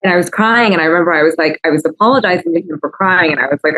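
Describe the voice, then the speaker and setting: A woman's voice: lowish voice, racing, hardly any pauses, a bit bright, rough recording. A woman guest on a podcast, talking openly and casually as she tells personal stories. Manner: open, storytelling, casual. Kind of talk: candid podcast chat.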